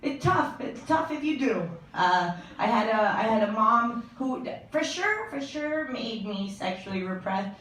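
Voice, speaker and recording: A young woman doing a stand-up comedy set, with deadpan jokes and quick asides to the audience. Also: a little high. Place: comedy club stage. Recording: echoey room from a distance, audience laughter.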